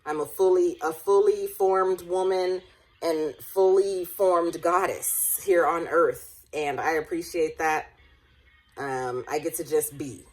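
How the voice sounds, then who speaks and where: Emotional late-twenties woman, lower voice. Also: steady tone, slow pace, a little mellow. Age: late 20s. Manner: rambling, emotional, often laughing, near tears. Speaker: vlogger. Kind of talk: personal reflective vlog.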